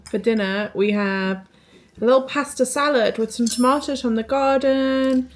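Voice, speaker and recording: A woman's voice: a little high, normal speed. A young woman, a first-time mum chatting casually through a home vlog in her kitchen and often turning to coo at her baby. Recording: home recording with background noise.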